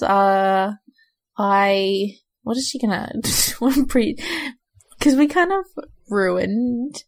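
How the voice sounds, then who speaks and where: A woman's voice: mid-range voice, very slow, no room sound. Giggly woman playing a tabletop game. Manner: giggly, hesitant, lots of fillers. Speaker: player. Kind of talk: casual tabletop role-play.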